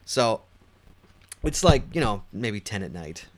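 A man tells a rambling story in a casual chat. His voice rises and drops widely as he gets animated, and he swears and laughs as he goes. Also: lowish voice, slow pace, a loud crowd. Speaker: podcast co-host.

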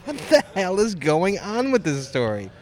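A man's voice: high voice, huge pitch swings, moderate pace, a little mellow. A man co-hosting a talk show, reacting with incredulous, swearing banter and frequent laughs. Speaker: co-host. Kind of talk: casual banter.

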